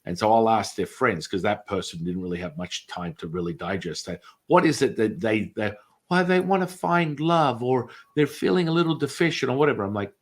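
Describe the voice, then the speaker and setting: A man's voice: on the low side, brisk, hardly any pauses. A man guest telling street hypnosis stories in a casual chat, acting out quotes in other voices. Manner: animated, acts out quotes in many voices.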